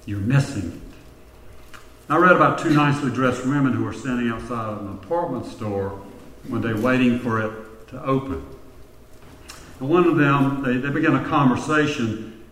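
A male pastor preaching a sermon, telling stories in a measured way with quiet reflective asides. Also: mid-range voice, far from the mic. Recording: echoey hall with long reverb.

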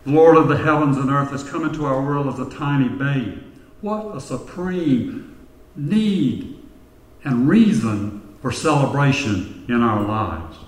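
A male pastor preaching a sermon, telling stories in a measured way with quiet reflective asides. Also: mid-range voice, expressive, far from the mic. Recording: echoey hall with long reverb.

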